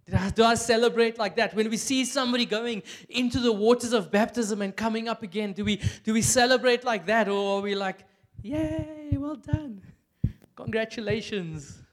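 A high-pitched young man with a South African accent preaches in a loose, joking way. He talks like a friend telling a story, full of "like" and quick asides. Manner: chatty and animated, with many "like" fillers and bursts of laughter. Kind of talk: casual, humorous sermon. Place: church.

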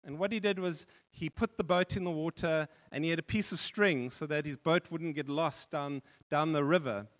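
A male pastor preaching a sermon in a church hall, telling a story with animated repetition. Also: fairly high pitch, normal speed, few pauses. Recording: long reverb of a church hall.

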